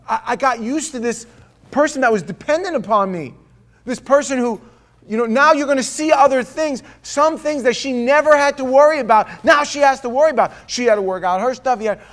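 An older male pastor preaching a sermon, telling stories with rhetorical questions and swinging from loud bursts to hushed, quiet passages. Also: very high-pitched.

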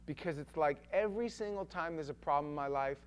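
Male pastor, high voice, animated conversational sermon delivery. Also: fast, clear, resonant tone. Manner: animated, acts out quotes, conversational.

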